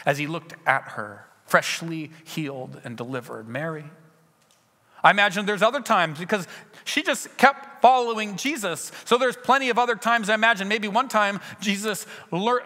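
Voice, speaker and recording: A man preaching a sermon in a church, retelling scenes with lively acted dialogue. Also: high voice, big-room sound. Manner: earnest storytelling, acting out scenes with shifts in loudness. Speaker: pastor.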